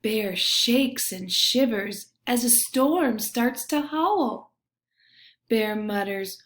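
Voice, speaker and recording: Woman, storybook reader, very slow and expressive, slightly high voice, roomy echo. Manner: gentle, expressive reading with hushed refrains. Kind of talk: reading a children's picture book aloud.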